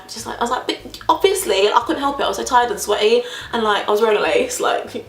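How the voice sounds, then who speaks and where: Animated woman telling a story. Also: a little high, fast talker, roomy sound. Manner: animated, dramatic storytelling with quoted voices. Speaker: vlogger. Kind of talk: casual storytime vlog.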